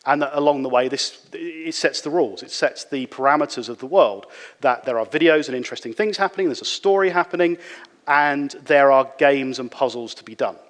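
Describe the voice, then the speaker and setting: A man giving a relaxed, conversational conference talk, with frequent fillers and restarts. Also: mid-range voice, fairly quick. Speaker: conference speaker. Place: conference hall. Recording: reverberant hall.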